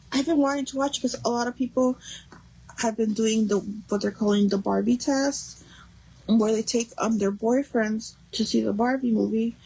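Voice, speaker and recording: A woman's voice: fairly high pitch, gravelly, dark tone, slightly rough, poor audio. A young adult woman hosting a craft livestream, chatting casually and rambling with lots of fillers while she works.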